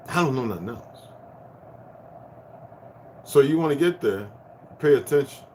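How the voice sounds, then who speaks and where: A man in his fifties giving a rambling spiritual rant to his viewers, profane and preachy, swinging from loud bursts down to hushed tones. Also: medium pitch, expressive, unhurried, pauses often, slight background noise. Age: 50s. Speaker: vlogger.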